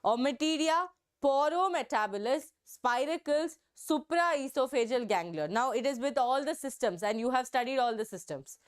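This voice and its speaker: A woman leads a live online biology class. Her high voice sits well above most women's. She coaxes her students and hammers key words again and again, in a smooth, clean tone. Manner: coaxing, repeats key words to stress them. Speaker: online exam-prep teacher.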